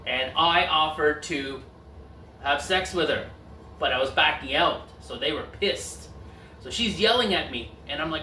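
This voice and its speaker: A man spins a casual story, bright and animated as he acts out the other voices. His voice sits a little high. The room is echoey, and he is a step back from the mic. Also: distant mic, slight background noise. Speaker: storyteller host.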